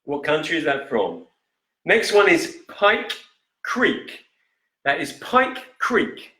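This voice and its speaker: A man hosting a live-stream whisky quiz in a casual, chatty way, reading each question slowly and repeating it. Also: a little high, very animated, bright, forceful tone. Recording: echoey room.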